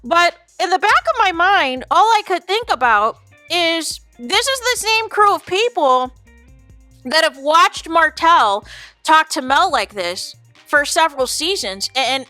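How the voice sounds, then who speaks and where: A woman's voice: high-pitched, bright, forceful tone, no echo. A woman hosting a reality-TV reaction channel, chatting casually to viewers and calling them "you guys". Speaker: YouTube reaction host.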